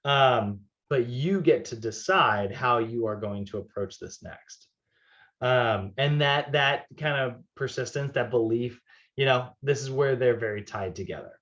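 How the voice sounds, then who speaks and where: A man's voice: medium pitch, unhurried, fairly bright tone. Male fitness instructor, casual lecture, chatty with filler words, slightly dull recording. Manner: casual, chatty, many fillers, laughs easily. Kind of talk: classroom lecture.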